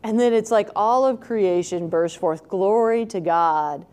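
A woman's voice: medium pitch, measured pace, clear, resonant tone. A woman reading scripture and then preaching in a conversational way, often asking the listener rhetorical questions. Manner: conversational, asks rhetorical questions, animated when quoting. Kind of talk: scripture reading and reflective sermon.

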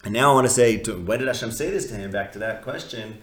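A man's voice: medium pitch, fast. A man teaching a text study class in a conversational, questioning way, often restarting his sentences. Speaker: Torah teacher. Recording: echoey room.

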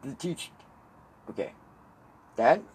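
A man hosting a podcast, chatting casually and telling animated stories with swearing, laughter and mimicked voices. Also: slow pace, poor audio. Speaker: podcast host. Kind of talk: casual chat.

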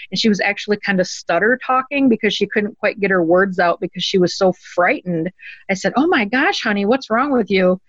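Woman, earnest storyteller, mid pitch, dull lo-fi sound, dry. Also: dry recording. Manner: earnest, animated storyteller who acts out quotes. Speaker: interview guest. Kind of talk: personal storytelling.

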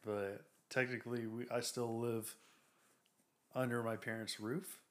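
A man's voice: mid-range voice, flat delivery, unhurried, fairly bright tone. Laid-back young man podcaster. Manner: laid-back, joking, short remarks. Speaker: podcast co-host. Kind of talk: casual chat.

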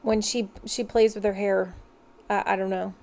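A woman's voice: mid-range voice, flat delivery, normal speed, a little mellow. A woman co-hosting a home podcast with her husband, in a sleepy, froggy voice, mostly agreeing in short replies. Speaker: co-host, host's wife. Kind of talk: casual chat.

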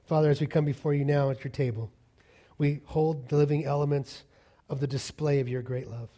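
Pastor guy preaching, kinda husky, pitched a bit high, gets loud then drops to a whisper. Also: steady tone, fairly quick. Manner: impassioned, swinging from loud to hushed whispers. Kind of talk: sermon.

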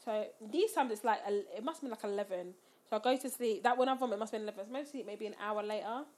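A woman's voice: mid-range voice, racing, a little mellow. A young woman telling a story in casual chat, acting out the quotes with rising squeals.

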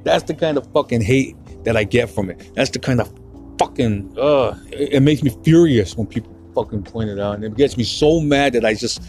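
A young podcast host with a mid-range, darkish voice speaks at normal speed over soft background music. In a solo monologue about painful memories, he swears heavily, stumbles and repeats himself, and gets choked up, close to tears.

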